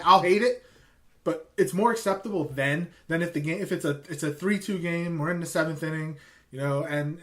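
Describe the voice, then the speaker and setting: Higher-voiced man asking frustrated questions. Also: a bit bright. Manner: frustrated, questioning, stumbling restarts. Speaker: podcast co-host. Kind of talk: casual podcast chat.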